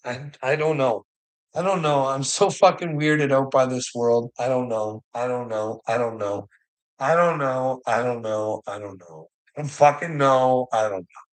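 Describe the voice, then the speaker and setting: A man's voice: mid-range voice, steady tone, measured pace, low-quality recording. A man streamer giving a rambling, profane, exasperated rant to his viewers in a casual livestream.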